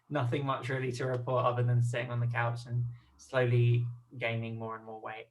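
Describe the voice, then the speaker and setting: A man guesting on a podcast, chatting casually with dry, low-key humour. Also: monotone, moderate pace, poor audio. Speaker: guest filmmaker. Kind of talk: casual chat. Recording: clear background noise.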